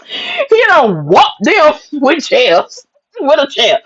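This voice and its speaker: A woman hosting a wrestling recap show, telling the action in a sassy, lively way with plenty of "honey" asides and acted-out quotes. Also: high-pitched, slow pace, poor audio. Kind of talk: excited casual wrestling recap.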